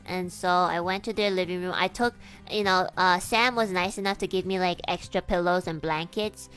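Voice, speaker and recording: A young woman telling a personal story to a live audience, rambling and animated, full of fillers and restarts, jumping from hushed asides to loud outbursts. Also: on the low side, moderate pace, smooth, soft background music. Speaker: streamer.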